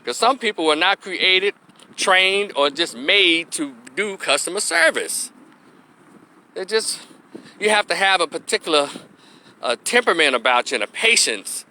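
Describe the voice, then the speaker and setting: A man from Memphis, Tennessee, US, an opinion vlogger and social worker, gives blunt, preachy commentary that is folksy and salty-mouthed. His high-sitting voice is animated, unhurried, bright and forceful.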